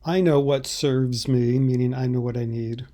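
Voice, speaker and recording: A man teaching Italian, explaining subtitle translations in a halting, thoughtful way. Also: mid-range voice, steady tone, mellow.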